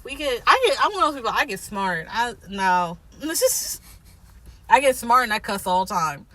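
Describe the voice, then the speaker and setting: A woman's voice: fairly high pitch, big pitch swings, normal speed, a bit bright. A young woman co-hosting a casual chat, giggling often and swearing casually. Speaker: podcast co-host. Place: inside a parked car.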